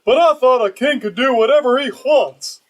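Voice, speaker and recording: A man's voice: very high-pitched, normal speed. A man voicing a curious young male lion cub who asks eager questions. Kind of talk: live staged script reading.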